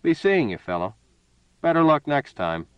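A man voicing a smooth, menacing male card sharp aboard a spaceship, hearty and boastful, then cold and purring, on a dull, dry recording. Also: a little high, big pitch swings, normal speed, dry recording, voice pushed up.

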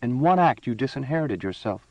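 A man voicing a proud, impatient young empress in an audiobook reading, speaking higher and more commandingly than his own voice. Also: animated, fairly quick, darkish tone, dry recording, dull audio. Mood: imperious. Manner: raised pitch, commanding and cutting.

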